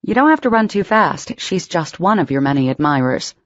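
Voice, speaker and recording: A woman's voice: on the low side, very animated, brisk, dry recording, dull audio. Woman voicing a frantic, caring young woman. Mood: teasing. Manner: bright, urgent and pleading.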